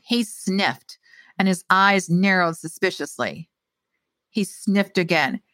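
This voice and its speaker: Woman author reading her story aloud, expressive, dry close mic. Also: fairly low pitch, takes it slowly, no echo. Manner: expressive reading, hesitant in chat. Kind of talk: storytelling reading, then casual chat.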